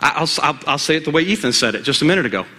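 A man preaching in a lively, conversational sermon style, with a high, bright voice. He throws questions out to the congregation, and his words echo around a large church hall. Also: very fast, a little hiss or hum.

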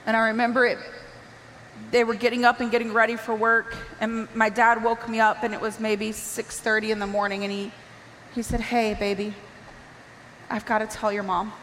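A woman giving an emotional personal testimony, impassioned and pleading, rising at times to near shouts. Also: on the high side, level tone, fairly quick, long reverb tail, slight background noise.

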